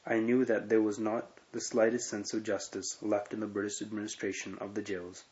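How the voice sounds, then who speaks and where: Low-voiced guy reading a memoir aloud, earnest and steady, kinda muffled lo-fi audio. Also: brisk. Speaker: reader of a memoir. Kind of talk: reading a first-person prison memoir aloud. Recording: dull lo-fi recording.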